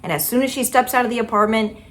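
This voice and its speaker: A woman's voice: on the high side, fast, a bit bright. A young woman chatting casually about books she loved, with lots of filler words. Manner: chatty, many "like" and "kinda" fillers. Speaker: book vlogger. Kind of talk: casual book review chat.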